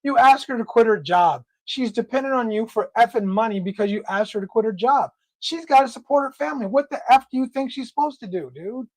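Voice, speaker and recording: A man hosting a casual livestream discussion, talking in a blunt, slangy, animated way. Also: very high-pitched, a little fast, few pauses, no room sound. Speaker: livestream host.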